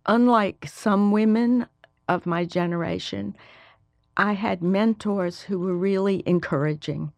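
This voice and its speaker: An older woman from Alabama with a Southern accent, a history professor telling wry, lively stories in an interview. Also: mid-range voice, measured pace, gravelly, no echo. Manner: lively, wry, animated storytelling. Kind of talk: interview, storytelling.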